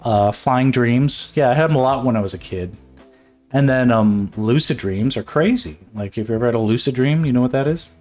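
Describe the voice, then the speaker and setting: A man's voice: mid-range voice, fairly quick, darkish tone, soft background music. A man who streams his illustration work, chatting casually and rambling while he draws, swearing often, laughing, and filling his talk with restarts and fillers. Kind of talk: casual chat while drawing.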